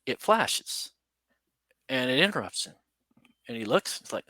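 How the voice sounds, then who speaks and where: A man guesting on a podcast, telling a story casually in a rambling, animated way full of asides. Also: mid-range voice, a little slow, no echo. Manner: animated, rambling, with many "you know" and "right?" asides.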